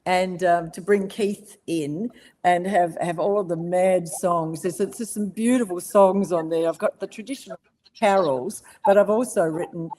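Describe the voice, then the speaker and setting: An Australian voice actress in a casual interview, telling stories with ready laughter and plenty of ums and restarts. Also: female voice, lowish voice, a little slow. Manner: warm storytelling, laughs easily, many ums and restarts. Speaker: voice actress guest.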